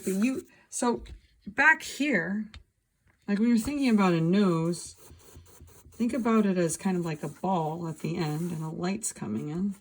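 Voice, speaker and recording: A woman's voice: lowish voice, slight background noise. A woman teaching a drawing lesson, talking through each step as she draws. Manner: talking while drawing, thinking aloud. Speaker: art teacher. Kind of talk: drawing demonstration.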